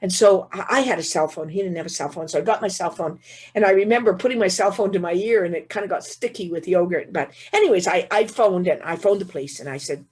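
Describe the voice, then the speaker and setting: A woman telling a funny personal story as a keynote speaker, in a vivid, animated way, often repeating words as she restarts. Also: fairly low pitch, fast, husky.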